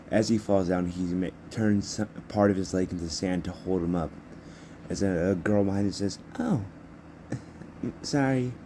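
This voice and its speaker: A man's voice: low voice, mellow, a little hiss or hum. A young man improvising a fan story as narrator, rambling and correcting himself as he goes.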